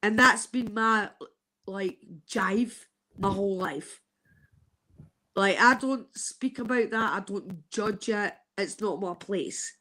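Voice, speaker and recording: A woman's voice: medium pitch, slow, sharp tone. A woman in her fifties gives an earnest, heartfelt testimony on a live stream, swearing casually as she talks. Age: 50s. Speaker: guest sharing a personal testimony.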